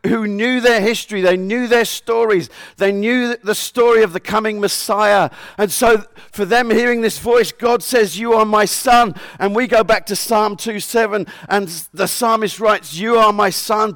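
A man with a fairly high voice preaches a sermon in an earnest tone. He keeps coming back to scripture verses and repeats them for emphasis. The recording is close and dry, with no room echo. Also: a bit bright.

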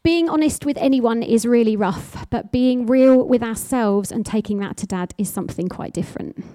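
A woman's voice: on the high side, dark tone, dry recording. A woman preaching a sermon with passionate, emphatic exhortation, driving her points home through repeated phrases.

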